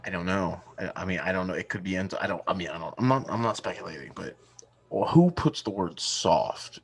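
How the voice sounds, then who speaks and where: A man's voice: deep voice, brisk. A man in his thirties co-hosting a podcast, telling family stories in a casual chat and laughing through them. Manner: laughing storyteller, acts out family quotes. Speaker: podcast co-host.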